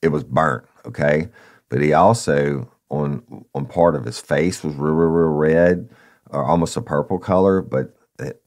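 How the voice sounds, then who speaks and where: A man casually telling a story from his police days, acting out the people involved and often saying "y'all". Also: very deep voice. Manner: animated retelling, acts out voices, says "y'all". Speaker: podcast host, former police officer.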